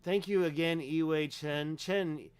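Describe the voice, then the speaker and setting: A man's voice: fairly high pitch, expressive, normal speed, clean tone, no echo. A man hosting a casual livestream, talking emphatically and rambling with lots of fillers while clicking through pages. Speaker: livestream host.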